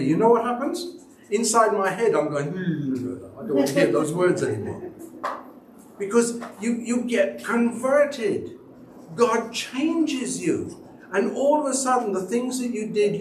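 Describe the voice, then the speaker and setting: Male church elder, storytelling sermon, roomy hall sound, faint background hiss. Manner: storytelling, acts out quoted people with big pitch jumps. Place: church sanctuary. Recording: echoey church hall, mic at a distance.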